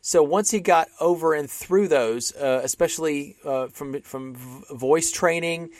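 Talking about classic films in a relaxed podcast, this male co-host rambles, frequently restarting and using fillers. His voice runs on the high side and a little mellow, at a measured pace with no room sound.

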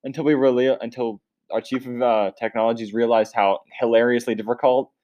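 A man hosts a relaxed podcast chat at a middle pitch. He laughs often and tosses in quick asides. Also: highs cut off. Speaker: podcast host.

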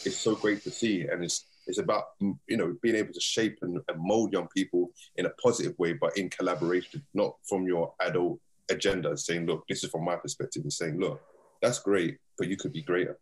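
A man's voice: deep voice, steady tone, brisk, husky. A man talking earnestly and passionately as an interview guest about his youth mentoring work. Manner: earnest and passionate, builds points in long runs. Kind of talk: casual interview talk.

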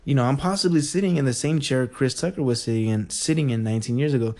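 Give me an excitable man rambling through a casual story in a mid-pitched voice. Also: fast talker. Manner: rambling and excitable, many fillers.

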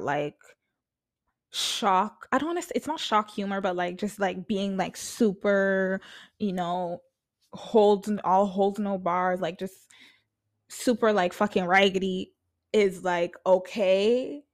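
A young woman chats through celebrity gossip from her apartment. She is blunt and freely profane, and her speech is full of fillers. Her pitch sits in a middle range. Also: takes it slowly. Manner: chatty, blunt, profane, lots of filler words. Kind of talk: casual gossip commentary.

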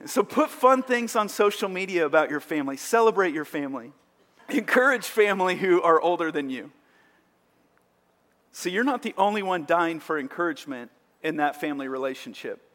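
In a hall with long reverb, a pastor delivers an earnest, emphatic sermon that swells in rising bursts of energy. His voice is high and fairly bright, with lively intonation at a normal speed.

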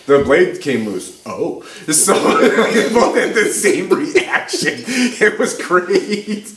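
Laughing as he goes, a podcast guest tells a story in casual chat and acts out the people in it, animated throughout. His voice is a little high and slow-paced, and the recording sounds roomy with faint background noise.

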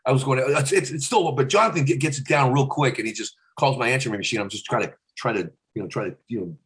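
Fast-talking comedian jumping into voices. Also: male voice, mid-range voice. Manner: animated, slips in and out of celebrity voices. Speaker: comedian and impressionist. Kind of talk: casual chat. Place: podcast studio.

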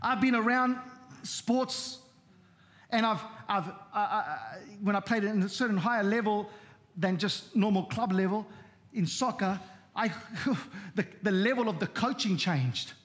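A man's voice: sits high, measured pace, fairly bright tone. A man preaching a sermon as pastor, telling stories in a repetitive, conversational way and often saying amen. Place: church.

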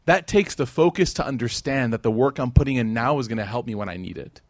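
A man with a medium-pitched voice speaks fast, recorded dry with studio quality. He's giving a religious lecture to a live audience, keeping it conversational and joking while acting out the people in his stories with animated quoted voices.

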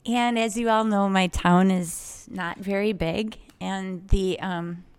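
A young woman who owns an aromatherapy shop co-hosts a casual podcast chat, telling a chatty, animated story about one of her customers and acting out their exchange. Her mid-range voice is smooth and she takes it slowly.

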